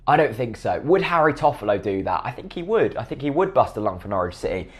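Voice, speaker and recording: A man giving blunt, opinionated football commentary to camera, often asking and then answering his own questions. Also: medium pitch. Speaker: football fan vlogger.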